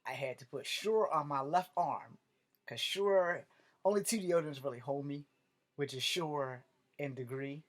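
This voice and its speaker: A man with a slightly high voice tells a rambling comic story to camera. He jokes, curses freely and keeps an animated, chatty flow. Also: measured pace. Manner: animated, profane, joking. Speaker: vlogger. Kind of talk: comedic storytelling rant.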